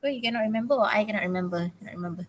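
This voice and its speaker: A woman's voice: medium pitch, rapid-fire, slight background noise. A woman teaching grammar in an online class, encouraging and peppering her speech with "okay". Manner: encouraging, frequent "okay" and laughs. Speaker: English teacher.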